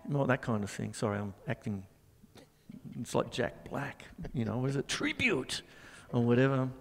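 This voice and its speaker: A man's voice: mid-range voice, animated, moderate pace, vocal fry, long reverb tail, a little hiss or hum. A middle-aged man hosting a live drum show, chatting in a rambling way and scatting drum rhythms. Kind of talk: casual live-stream chat and drum demonstration.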